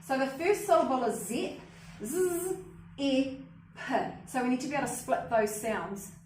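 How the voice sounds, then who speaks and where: A woman's voice: high voice, lively intonation, a little fast, a little mellow. A woman leading a hands-on teaching workshop as a literacy trainer, upbeat and often checking in with "okay?" and "cool?". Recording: echoey room, mic at a distance, faint noise.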